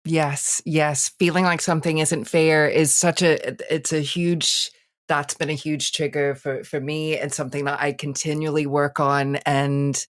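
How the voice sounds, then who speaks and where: A woman therapist guesting on a podcast, speaking in a measured, reflective way and agreeing with the hosts. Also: deep voice, level tone. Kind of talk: casual podcast conversation.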